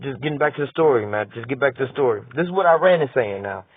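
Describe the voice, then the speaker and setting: A man's voice: mid-range voice, lively intonation, quick pace, slightly rough, no room sound. A man giving a heated, profane political rant. He reads news lines aloud and argues back at them. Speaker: political commentator. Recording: tinny phone-like dry audio.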